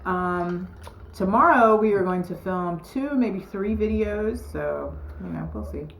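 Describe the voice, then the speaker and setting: A woman's voice: mid-range voice, unhurried, a bit bright, echoey room, a little hiss or hum, poor audio. A young woman co-hosting a couple's vlog in playful, slangy casual chat, often breaking into giggles. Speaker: vlog co-host.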